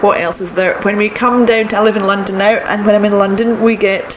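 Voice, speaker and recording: A woman's voice: medium pitch, steady tone, a little fast, dull audio. Scottish woman in her 30s, ayrshire accent, rambly casual chat full of ums, noisy recording. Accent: west of Scotland, Ayrshire. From Scotland. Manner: chatty, hesitant with frequent ums, laughs easily. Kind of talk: casual monologue about dialect. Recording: noticeable background noise.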